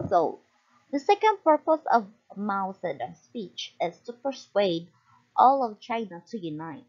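Slow, husky-voiced young woman presenting. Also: mid-range voice, darkish tone. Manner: reads from notes with slips and apologies. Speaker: student reporter. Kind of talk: class report presentation. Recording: dull lo-fi recording.

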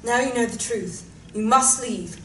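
A woman reading a part in a script, with calm, even delivery. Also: on the high side, a little slow, slight background noise. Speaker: actor reading Dolores. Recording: echoey room, mic far off.

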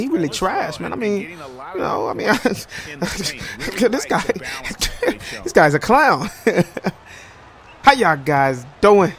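Young man trash-talking over gameplay. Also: high-pitched. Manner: playful trash talk, laughs often, rhyming banter. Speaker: gaming commentator. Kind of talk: casual gameplay commentary.

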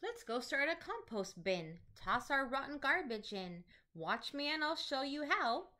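A woman teacher reading picture books aloud to children in an animated, sing-song storytelling manner. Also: high voice, a little slow.

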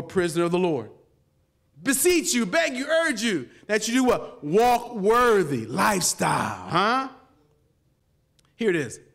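A middle-aged man, a pastor, preaching a lively sermon to a live audience, calling for responses and swinging from quiet asides to shouts. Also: sits high. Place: conference hall before a live audience.

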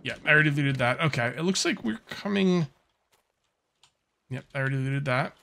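An expressive man with a slightly high, sharp-toned voice and vocal fry comments at normal speed while playing a survival game. His let's-play talk is relaxed and rambling, packed with fillers.

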